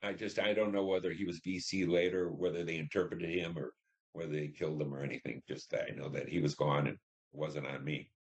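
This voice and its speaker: A man's voice: very deep voice, fairly even intonation, a little fast. An older man telling his war experiences in an oral history interview, acting out dialogue as he goes. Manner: vivid storytelling, acts out radio dialogue. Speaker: Vietnam veteran interviewee.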